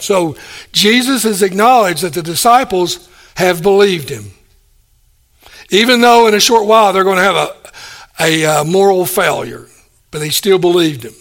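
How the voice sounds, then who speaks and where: A man preaching a sermon, animated, acting out the people he quotes and chuckling between points. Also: high voice, measured pace, long pauses. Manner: animated, acts out quoted speakers.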